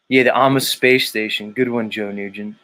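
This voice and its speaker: A man's voice: lowish voice, pushed and bright. A man hosting a livestream, casual and jokey, swearing freely. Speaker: livestream host.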